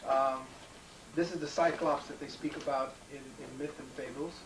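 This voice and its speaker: A man's voice: medium pitch, fairly even intonation, normal speed. A man lecturing to a live audience in an emphatic, digressive way, restarting his sentences often. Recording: echoey room, distant mic, faint hiss.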